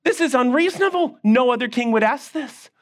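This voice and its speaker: A man's voice: very high voice, expressive, a little fast, pitched above the performer's own voice. A man voicing a group of nervous royal wise men who plead and protest in a children's Bible story.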